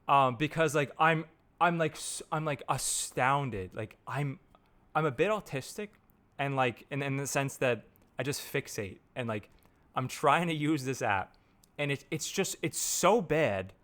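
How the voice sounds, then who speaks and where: Ranting casually to camera about software, this marketer sounds medium in pitch, expressive, a little slow and a bit bright. He keeps rambling and restarting sentences, swearing heavily throughout the unscripted take.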